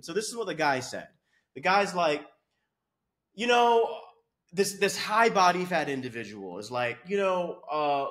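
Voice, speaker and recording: Man, fitness coach, profane comic rant, brash and mocking, high-pitched. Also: sing-song, unhurried, a bit bright. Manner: brash, crude, swearing, mocking. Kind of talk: profane comedic rant to camera.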